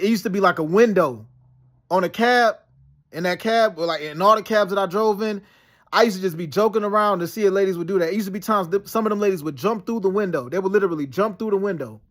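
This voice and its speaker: A man with a notably high speaking voice talks in a loose, rambling monologue. He circles back on himself with restarts, fillers and street slang like "yo" as he tells his story. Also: fast talker, a bit bright. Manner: slangy, peppered with "yo" and "you know what I'm saying". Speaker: vlogger recounting dreams and past events.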